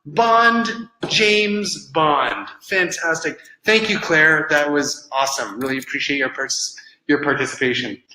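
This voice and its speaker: A man's voice: a little high, moderate pace, sharp tone. Echoey man coaching with many ums. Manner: conversational, filler-heavy, explaining with examples. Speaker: presentation coach. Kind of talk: online coaching seminar.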